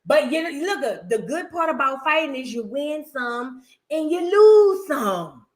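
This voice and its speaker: A woman hosting a reaction show, giving blunt, profane, animated commentary in a casual way. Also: high-pitched, a little slow.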